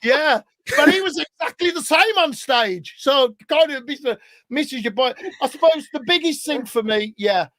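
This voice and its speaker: A man, a guest in casual chat, telling stories with animation and growing loud as he laughs. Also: extremely high pitch, lively intonation, moderate pace, no room sound. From England. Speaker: guest musician.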